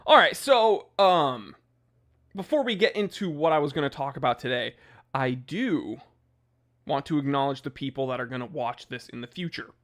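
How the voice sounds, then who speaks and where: A man's voice: medium pitch, animated, normal speed, fairly bright tone. A young man hosting a casual livestream from his home office, joking and ranting as he reads names from the chat. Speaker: watch channel host.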